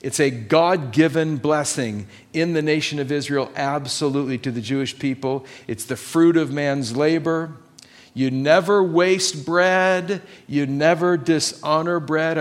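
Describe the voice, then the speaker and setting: Emphatic man preaching a sermon. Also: fairly high pitch. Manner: emphatic, repeats key points and asks listeners questions. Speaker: pastor.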